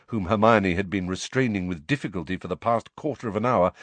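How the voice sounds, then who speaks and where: A man's voice: fairly low pitch, no room sound. A man reading an audiobook in scripted narration, voicing each character.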